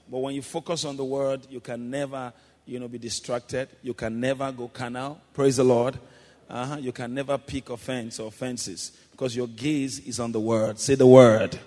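A man preaching a sermon, calling the congregation to repeat his words and building to loud, shouted exclamations. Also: mid-range voice. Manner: calls congregation to repeat after him, rising to shouts. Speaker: pastor. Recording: long hall reverb.

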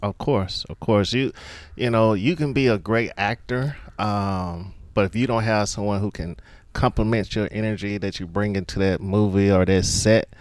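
A man's voice: fairly low pitch, moderate pace, no room sound. A man talking casually about a movie he loves, laughing often and acting out favorite lines. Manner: animated, laughs often, acts out quotes. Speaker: guest.

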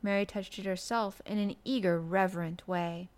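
A woman narrating a storybook in a soft, gentle, measured reading voice. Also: mid-range voice, fairly even intonation. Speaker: audiobook narrator.

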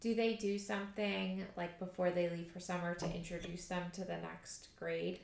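A woman's voice: lowish voice, little pitch movement, moderate pace, vocal fry, a little mellow, roomy sound. A woman co-hosting a podcast, chatting casually and asking follow-up questions. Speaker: podcast co-host. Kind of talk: casual chat.

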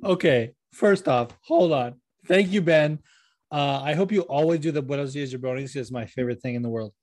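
A man hosting a podcast in casual, animated chat, often laughing and swearing. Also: fairly high pitch, brisk, no room sound. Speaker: podcast host.

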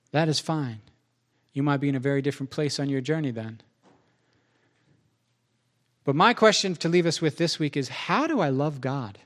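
A man pastor preaching in a conversational way, acting out both sides of remembered dialogues. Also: on the high side. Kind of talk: sermon.

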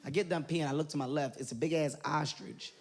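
A man doing stand-up comedy, telling an animated story and acting out voices, laughing as he goes. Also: a little high, a little fast. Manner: excitable, animated, breaks into laughter, acts out voices. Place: large venue with live audience. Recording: live show with loud crowd noise.

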